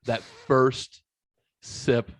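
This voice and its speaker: A man in his thirties tells a rambling, profane story on his podcast and acts out every voice in it. His voice sits mid-pitch, and the recording is close and dry, with no room echo. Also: very slow. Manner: profane, animated storyteller acting out quotes. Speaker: podcast host. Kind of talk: casual storytelling.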